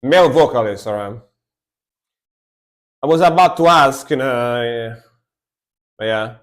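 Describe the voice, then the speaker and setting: A man's voice: medium pitch, lively intonation, unhurried. A man, chatting casually and rambling as he reacts to music on a live stream. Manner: chatty, rambling, lots of fillers.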